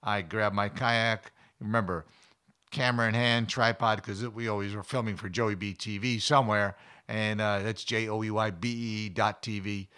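Man, storyteller host, bright forceful tone, folksy and emphatic. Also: on the low side, steady tone, moderate pace, smooth. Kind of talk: animated personal storytelling.

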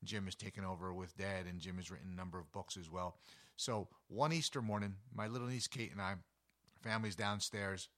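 A man giving an animated, conversational talk about wildlife, full of chatty asides and personal stories. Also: sits low, brisk. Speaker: wildlife educator. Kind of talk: conversational nature talk with anecdotes.

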